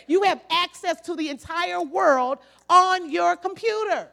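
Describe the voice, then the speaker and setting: High, gravelly-voiced woman preacher. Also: unhurried, hardly any pauses. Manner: emphatic, repetitive, breaks into shouted exhortations. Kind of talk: sermon.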